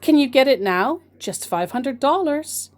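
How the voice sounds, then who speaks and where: A woman's voice: high voice, animated, measured pace, pitched above the performer's own voice. A woman reading out the lines of a pushy young male online romance scammer who is blunt and demanding.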